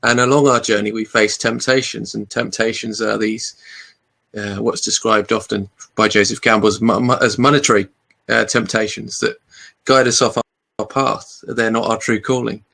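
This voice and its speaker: A man hosting an interview, reflecting slowly with many pauses and restarts. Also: on the low side, level tone, creaky, pushed and bright. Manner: thoughtful, halting, with many restarts. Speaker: podcast host.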